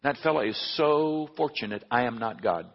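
A middle-aged male pastor preaching a sermon, telling a story and swinging between hushed and loud. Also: mid-range voice, animated, normal speed. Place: church sanctuary. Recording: dull recording with long hall reverb.

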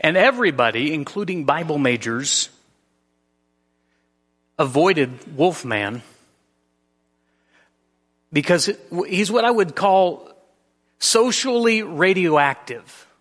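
Man, pastor, sermon, storytelling, slightly high voice, hall echo. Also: big pitch swings, slow, long pauses, fairly bright tone. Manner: storytelling, varied emphasis.

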